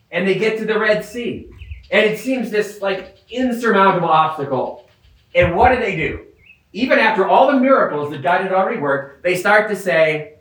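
A man's voice: high voice, fairly bright tone. A man from the Midwestern US preaching an outdoor homily as a priest, conversational, with joking asides and repeated words. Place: outdoors in the mountains. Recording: echoey, distant outdoor sound.

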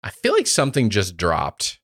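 A man's voice: on the low side, huge pitch swings, normal speed, a bit bright, dry recording. A man co-hosting a podcast in casual chat, with dry, wry banter. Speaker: guest co-host.

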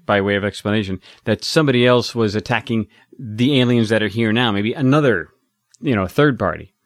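A man's voice: medium pitch, no room sound, clean studio sound. A man co-hosting a podcast in casual chat, reading a listener email aloud with chuckles and asides. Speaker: podcast co-host.

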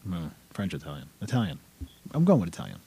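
A man co-hosting a podcast interview, joking and cutting in with quick remarks. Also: low voice, huge pitch swings, vocal fry, dark tone, slightly rough. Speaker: podcast co-host. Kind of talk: casual banter.

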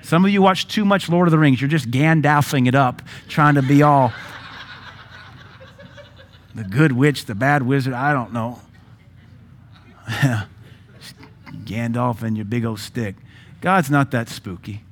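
A man's voice: medium pitch, measured pace, long pauses, a little hiss or hum. Joking, emphatic preaching man. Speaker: pastor. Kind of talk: sermon.

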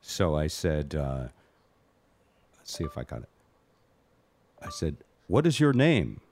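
A man's voice: extremely low pitch, wildly swooping pitch, takes it slowly, a little mellow, a little hiss or hum. A man hosting a casual podcast chat, telling a long rambling story and poking fun at himself. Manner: rambling, self-mocking storyteller. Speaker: host.

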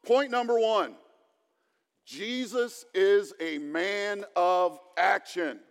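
A male pastor preaching a sermon in a plain, conversational way, with touches of humor. His voice sits high for a man, and he takes his time. The church hall around him adds a long, lingering reverb. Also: very slow, vocal fry, smooth.

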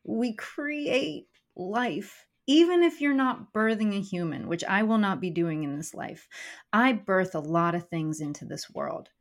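A woman's voice: mid-range voice, animated, measured pace. A young adult woman, a comedian and speaker, talking candidly in a podcast interview and swearing casually. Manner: candid, swears casually, acts out inner voices. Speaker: guest, comedian and keynote speaker.

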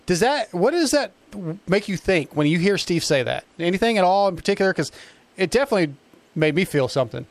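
A man's voice: high-pitched, very animated, brisk. A man hosting a motocross talk show, casually leading his guests through the discussion. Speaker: podcast host.

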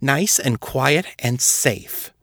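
A man's voice: medium pitch, expressive, extremely slow, creaky, fairly bright tone, breathy edge, dry recording, pitched above the performer's own voice, heavily acted. Give me a man playing an outspoken woman officer who talks bluntly and keeps pressing, read as an audio story in a dry room. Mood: weary.

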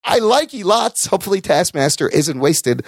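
Male podcast co-host, lively and profane, slightly higher voice, dry close mic. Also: moderate pace, creaky, breathy edge, no room sound. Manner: animated, profane banter, reads listener comments. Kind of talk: casual chat.

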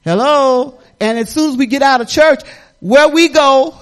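Preaching in a spirited, folksy style, this middle-aged woman pastor laughs and trades remarks with the people in the pews. She speaks in a high voice and takes her time.

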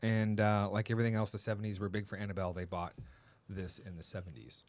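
A man's voice: on the low side, fairly even intonation, quick pace, darkish tone, no room sound. A man hosting a casual tasting chat, rambling and chatty, reading out labels and history. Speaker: host.

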